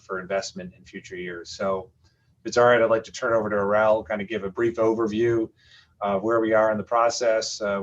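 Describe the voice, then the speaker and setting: A county official at a committee meeting introducing a colleague's presentation, speaking haltingly with many fillers and restarts. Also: male voice, on the low side, dull audio, slight background noise.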